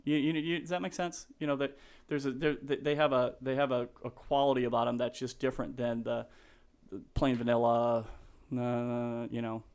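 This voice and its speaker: A man's voice: medium pitch, little pitch movement, a little mellow, clean tone. A man who works as a real estate agent, a guest in a casual podcast interview, talking earnestly with many restarts and fillers. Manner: halting, full of restarts and fillers; earnest, gets emotional and laughs.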